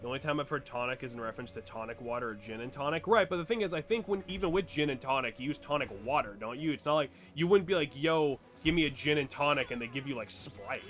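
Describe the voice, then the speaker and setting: A young man with a New Hampshire accent chats loosely while he plays, rambling and swearing between laughs. His voice is bright and very animated, with faint game music behind him. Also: mid-range voice, fast, few pauses. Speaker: let's play co-host. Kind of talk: casual chat over gameplay.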